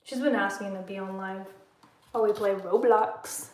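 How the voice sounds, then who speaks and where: On a phone livestream from her echoey room at home, a young woman going through her bedtime routine talks casually with viewers, answering their comments and laughing a lot. Her medium-pitched voice stays steady, moving at a slow pace with long pauses.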